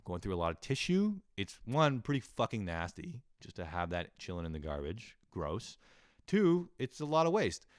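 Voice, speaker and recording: A man doing a casual, profane comic monologue at home, intense and quick to act out little voices. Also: on the low side, sing-song, no echo, clean studio sound. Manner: intense, swearing, acts out voices. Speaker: comedian doing a solo rant. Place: home room, early morning.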